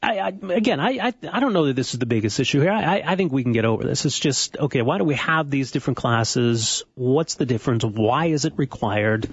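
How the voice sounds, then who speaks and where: A radio co-host who lays out the details calmly and steadily. His voice has a slight huskiness and sounds dry and close to the studio microphone. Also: medium pitch, brisk, hardly any pauses, breathy edge, no room sound. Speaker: radio talk show co-host. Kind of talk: talk radio discussion.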